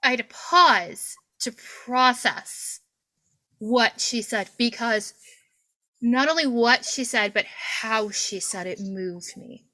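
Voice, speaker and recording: A woman in her forties, a podcast host, telling a lively story over a video call and acting out the voices of the people in it. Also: on the high side, slow, low-quality recording. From Kentucky, USA. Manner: animated storyteller, acts out quoted voices, laughs often.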